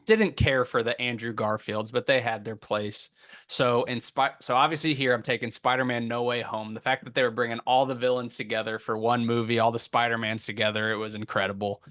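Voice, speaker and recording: A chatty man co-hosting a casual podcast. He talks through his reasoning at length in a relaxed way. His voice sits at an average pitch. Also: a little fast. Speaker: podcast co-host. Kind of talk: casual chat.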